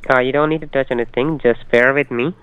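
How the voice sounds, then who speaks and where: A man's voice: mid-range voice, steady tone, fast talker, slight background noise. A man on a scam call, giving insistent, repetitive instructions. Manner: insistent, repetitive, formulaic phrasing. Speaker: scam caller. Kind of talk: phone call. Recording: muffled dry phone line.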